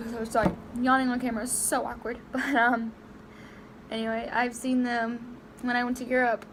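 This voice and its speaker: A young woman tells a personal story to her vlog camera, halting and close to tears, full of fillers and false starts. Her voice is on the high side with a flat delivery, and the background is noisy.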